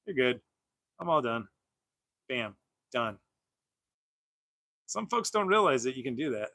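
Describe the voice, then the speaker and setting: Very animated but measured in pace, this man speaks at a medium pitch with a sharp tone while unboxing on his casual toy-collecting livestream. He rambles, restarts, uses many fillers and laughs often. The recording is dry.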